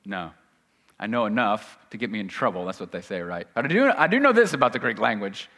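A man preaching a sermon in a conversational teaching manner, slowing and dropping quiet to stress key phrases, with self-deprecating jokes. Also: lowish voice, big pitch swings. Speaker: pastor. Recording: long hall reverb.

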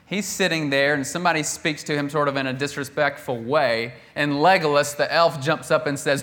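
Animated male preacher, conversational. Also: fairly high pitch, a little fast, few pauses. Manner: animated, acts out the quoted characters with bursts of volume; conversational, with laughs and restarts. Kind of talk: sermon.

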